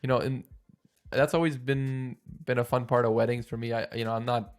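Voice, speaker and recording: A man's voice: mid-range voice, level tone, fairly quick. A man co-hosting a podcast in casual chat, rambling with chuckles and poking fun at himself. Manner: rambling, chuckling, self-deprecating. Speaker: podcast co-host.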